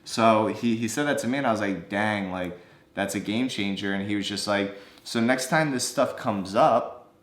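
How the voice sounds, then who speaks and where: A young man casually telling a personal story, animated and acting out the lines of people he quotes. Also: on the low side, normal speed, reverberant. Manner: animated, acts out quoted dialogue. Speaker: co-host of a couple's channel.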